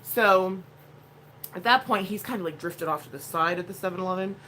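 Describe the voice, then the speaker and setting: A woman's voice: on the low side, fairly quick, sharp tone, a little hiss or hum. A woman vlogging at home, telling a rambling story in a blunt, casual way with plenty of swearing. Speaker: vlogger, mother.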